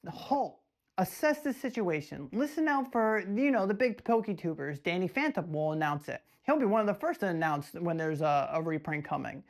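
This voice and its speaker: An animated man talks casually to the camera in a vlog. He asks himself questions and answers them, and he stumbles into quick restarts as he rushes through his stories. His delivery stays loose and conversational. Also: high voice. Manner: animated, rhetorical, storytelling with many restarts. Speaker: trading card collector vlogger.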